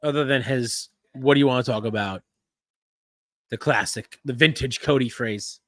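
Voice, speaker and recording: A man hosts a casual live-stream chat, talking through whatever is on screen. He rambles and restarts his sentences, chuckling now and then, in a voice of ordinary pitch. His sound is dry and close, with no room around it. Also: normal speed, a bit bright, no room sound. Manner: rambling, restarts and "yeah, no" fillers, easy chuckles. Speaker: podcast host.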